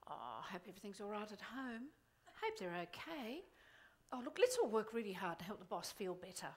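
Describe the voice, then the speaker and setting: A woman's voice: mid-range voice, big pitch swings, a little fast, voice pushed down. A woman voicing a gloomy complaining person who frets over every flaw, in a whiny, moaning manner. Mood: fretful.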